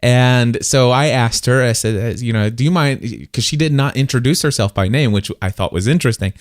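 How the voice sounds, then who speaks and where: A middle-aged man hosting a podcast in casual conversation, telling stories and getting animated when he quotes people. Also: medium pitch, brisk, no echo, clean studio sound. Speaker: podcast host.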